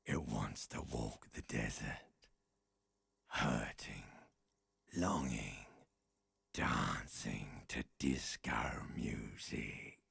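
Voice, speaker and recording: A man voicing an ominous, ancient primal voice inside the mind, speaking in a slow, deep, gravelly half-whisper for a video game. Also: fairly bright tone, dry recording, heavily acted.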